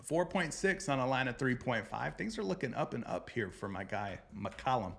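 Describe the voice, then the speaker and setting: A man hosting a casual sports betting picks show, speaking at a middle pitch. He talks loose and jokey, calls viewers brother, and rambles through numbers at his desk mic. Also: big pitch swings, normal speed, creaky.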